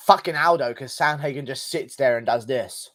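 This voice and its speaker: A man's voice: mid-range voice, normal speed, a bit bright. A man hosting a casual livestream, thanking donors and giving loose, profane takes in a rambling, laid-back way. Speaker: livestream host reading donations.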